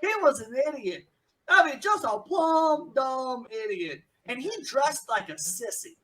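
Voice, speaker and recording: A man's voice: extremely high pitch, lively intonation, a little slow, pushed and bright, slight background noise, voice pushed up, exaggerated voice. A man voicing a swaggering, bullying outlaw gunslinger in a tabletop game, in a taunting, boastful drawl.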